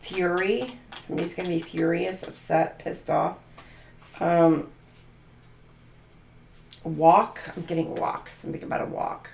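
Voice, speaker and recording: A woman's voice: lowish voice, steady tone, unhurried, vocal fry, pauses often, a little mellow, echoey room, slight background noise. A woman doing a channeled tarot reading, musing aloud and free-associating letters, numbers and words. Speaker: tarot reader.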